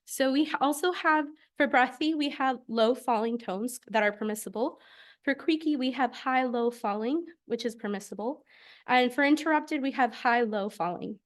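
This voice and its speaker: A young woman from the United States giving an academic research presentation, explaining carefully with frequent filler pauses. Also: on the high side. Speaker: graduate student presenter.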